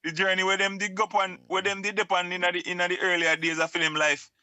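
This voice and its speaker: A man with a Jamaican accent in casual podcast chat, agreeing quickly and often. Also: high-pitched, level tone, sharp tone, clear, resonant tone, no echo.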